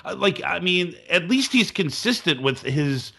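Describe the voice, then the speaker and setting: A man's voice: sits high, very animated, unhurried, creaky, bright, forceful tone. A man hosting a movie podcast, casually asking the others questions and steering the discussion. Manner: steers the talk, asks questions. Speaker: podcast host. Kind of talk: casual movie review chat.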